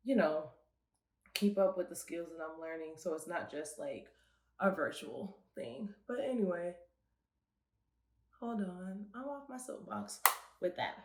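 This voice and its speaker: A young woman with a slightly low voice, chatting animatedly in a casual review show. She laughs easily as she talks, and the room around her is noticeably echoey. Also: expressive, unhurried, pauses often, a little mellow, a little hiss or hum. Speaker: co-host and beauty segment presenter.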